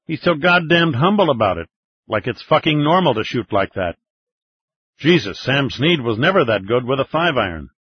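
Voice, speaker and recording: A man voicing a gruff Russian general who talks loudly and swears while telling a story in an audiobook. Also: medium pitch, big pitch swings, moderate pace, lo-fi sound, voice pushed up. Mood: exasperated. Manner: loud, swearing, emphatic.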